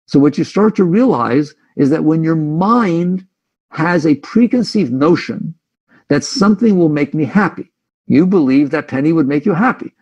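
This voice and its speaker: A man's voice: a little high, animated, moderate pace, a little mellow, husky, muffled recording. A man giving a reflective, conversational spiritual talk as a teacher, sometimes speaking his listeners' inner thoughts aloud.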